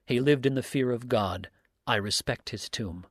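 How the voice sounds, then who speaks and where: A man reading aloud, voicing a stern, upright countryman who speaks in a measured, severe way. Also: mid-range voice, slightly rough, no room sound, studio quality, close to an everyday voice.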